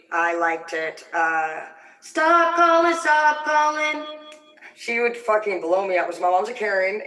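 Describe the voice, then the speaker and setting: A woman's voice: on the low side, fairly bright tone. A woman on a livestream, ranting in a heated, vulgar, rambling way. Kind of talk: profane angry rant on a livestream. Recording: echoey room, distant from the mic.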